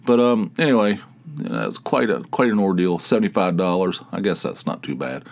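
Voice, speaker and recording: A man with a very low, deep voice hosts his podcast alone, letting his stories wander in a loose, casual monologue. He gripes about everyday annoyances with wry, crude humor and a self-mocking edge. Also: big pitch swings, a little fast, creaky. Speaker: podcast host.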